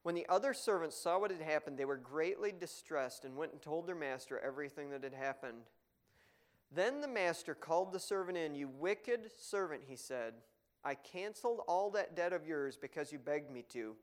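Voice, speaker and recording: A man preaching a sermon, reading scripture aloud and explaining it in a conversational way, with strong emphatic stresses and quiet asides. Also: fairly high pitch, lively intonation, normal speed. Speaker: pastor.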